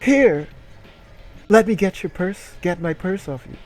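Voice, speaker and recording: Brief: man playing a nervous young woman, high-pitched, breathless and fluttery. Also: expressive, unhurried, husky, faint music behind. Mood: flustered. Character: flustered young woman office worker.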